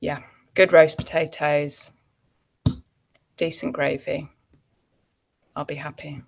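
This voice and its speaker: A woman's voice: deep voice, little pitch movement, takes it slowly, creaky. A woman, an actor chatting as a guest and telling anecdotes with frequent ums and laughs. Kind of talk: casual interview chat.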